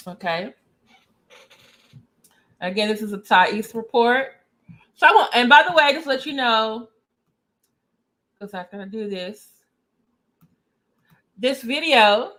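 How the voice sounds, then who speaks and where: A woman hosting a casual reaction commentary, chatting with viewers. Her voice sits a little high. She stops to read definitions aloud. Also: lively intonation, slow, pauses often, a bit bright. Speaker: commentary vlogger.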